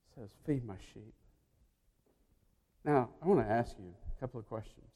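A man preaching a sermon, retelling a story and acting out the voices, swinging between loud and hushed. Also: mid-range voice, fast talker. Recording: long hall reverb.

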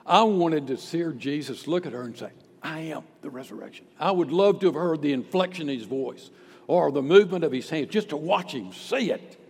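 Male pastor, fairly high husky voice, lively emphatic sermon delivery, long hall reverb. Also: brisk. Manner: emphatic preaching with rhetorical questions.

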